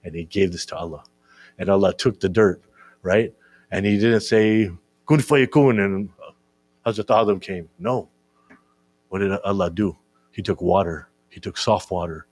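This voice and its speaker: A man's voice: low voice, steady tone, moderate pace, long pauses, a little mellow, breathy edge. A man giving a conversational sermon to young listeners, often checking in with "right?" and repeating words as he searches for them. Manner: conversational, keeps asking "right?". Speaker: speaker at a religious gathering.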